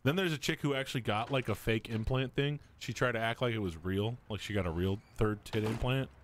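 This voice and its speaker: A man co-hosting a live game stream, chatting and telling stories in an animated way. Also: mid-range voice, brisk, slight background noise. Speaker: co-host. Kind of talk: live let's play commentary.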